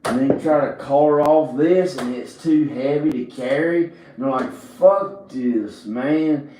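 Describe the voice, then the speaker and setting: A man's voice: mid-range voice, normal speed, echoey room, noisy background. A man from Virginia telling a rambling, profane comedic monologue and laughing at his own jokes. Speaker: comedic storyteller. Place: indoor room with drum set and speakers.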